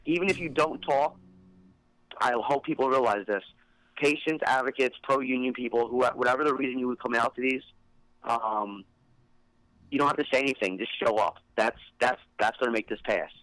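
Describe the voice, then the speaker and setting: A man with a Philadelphia accent hosts a casual podcast chat, rambling and restarting his sentences. His voice sits at an ordinary pitch, and the sound is dry and close, with no room echo. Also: moderate pace, a bit bright. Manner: rambling, many fillers and restarts. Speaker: podcast host.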